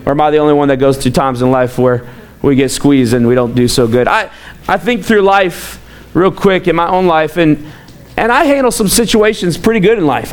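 High-voiced animated male pastor. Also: clean tone. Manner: animated, storytelling, repeats words. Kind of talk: sermon.

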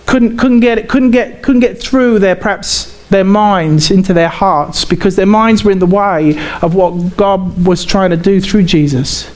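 A man with an English accent preaching a sermon in a conversational way, halting and often repeating himself. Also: sits high, fairly even intonation. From England.

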